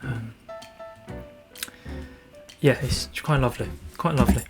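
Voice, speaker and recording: A man talking casually about his landscape photographs in a vlog, halting and restarting often with small self-deprecating asides. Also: medium pitch, gravelly, soft background music.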